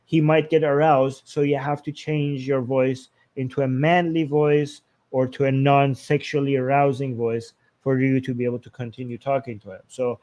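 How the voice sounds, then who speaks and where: A man's voice: medium pitch, little pitch movement, moderate pace, few pauses, a little mellow. A man from Iran co-hosting a casual live-stream discussion, talking in rambling bursts full of restarts and fillers. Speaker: co-host.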